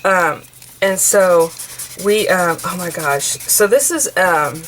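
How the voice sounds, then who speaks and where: A woman's voice: on the low side, lively intonation, slow, a bit bright, a little hiss or hum, rough recording. A woman in her forties from the United States, chatting casually and rambling while she works on a craft journal. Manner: chatty and rambling, many fillers and restarts. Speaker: craft vlogger.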